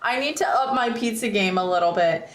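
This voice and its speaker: A woman's voice: medium pitch, brisk, reverberant. A woman streamer in casual chat with viewers, rambling and reading chat aloud.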